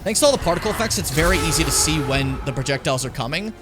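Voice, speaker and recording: Over music, a young male streamer races through his commentary in an expressive, fairly high voice. He chats with viewers as he plays, keeping it casual and swearing often.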